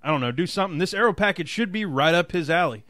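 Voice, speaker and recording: A man's voice: high-pitched, animated, quick pace, a bit bright, no echo, studio quality. A man co-hosting a racing podcast, chatty and upbeat, laughing often. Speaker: podcast co-host. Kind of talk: casual chat.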